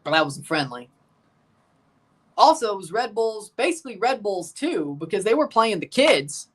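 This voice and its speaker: A man's voice: sits high, sing-song, moderate pace, a bit bright. A man giving casual live commentary while watching a football match, talking through the play, answering viewers, and getting nervous near the end. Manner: chatty, nervous, calls out play as it happens. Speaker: streamer reacting to a live match.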